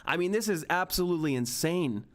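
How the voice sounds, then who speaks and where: A young man commentating live on a stock chart, excited and frantic, often repeating himself. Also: fairly high pitch, brisk. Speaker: stock market streamer.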